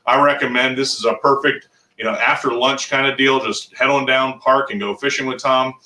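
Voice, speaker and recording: A man's voice: medium pitch, steady tone, moderate pace, sharp tone, distant mic. A man hosting a live charity fundraiser from a fishing shop, chatty and enthusiastic. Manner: chatty, enthusiastic, thanks supporters. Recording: echoey shop, off-mic.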